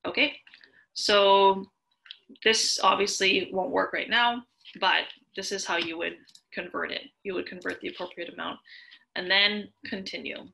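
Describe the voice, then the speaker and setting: A woman's voice: medium pitch, fairly even intonation, a little slow, creaky, sharp tone, low-quality recording. A woman hosting a screen-share tutorial, chatty and explaining step by step with worked examples. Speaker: tutorial host.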